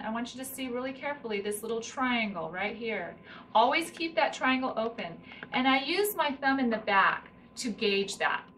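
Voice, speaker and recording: Slightly distant recording with a little room noise: a middle-aged woman, fairly high-pitched, bright and forceful, demonstrates hand spinning with her hands and explains each stage as she goes.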